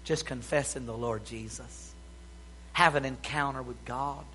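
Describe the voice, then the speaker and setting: A man preaching a revival sermon, swinging between loud exclamations and hushed passages while quoting scripture. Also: mid-range voice, fairly even intonation, unhurried, slight background noise.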